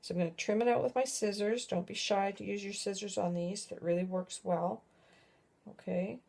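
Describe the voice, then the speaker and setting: Chatting through a homemade craft tutorial, a middle-aged woman rambles and often interrupts herself before finishing a thought. Her medium-pitched voice is creaky and somewhat dark, with fairly even intonation and a moderate pace.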